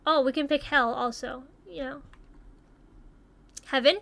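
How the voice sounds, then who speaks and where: Young woman with a high voice, rambling and cursing casually thru quizzes. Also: steady tone, unhurried, creaky, fairly bright tone. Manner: chatty, swears casually, muses aloud. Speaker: YouTuber taking online quizzes. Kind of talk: casual commentary while playing.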